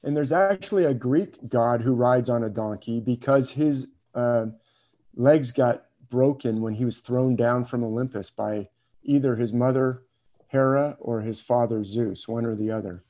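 Unhurried and mellow, a man with a medium-pitched voice tells a story to his class in an informal lecture style. Hesitant fillers, chuckles, and questions directed at students run through his telling.

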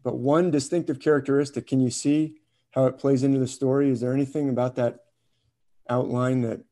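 Speaking fairly quickly in a dark, steady, medium-pitched voice, a teacher tells a story to his class in an informal lecture. He chuckles, throws questions at the students, and hesitates with fillers.

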